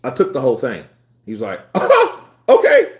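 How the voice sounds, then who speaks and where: Talking fast in a medium-pitched, darkish, animated voice, a livestream host in his twenties chats casually. His manner is relaxed, with frequent laughter and meandering stories.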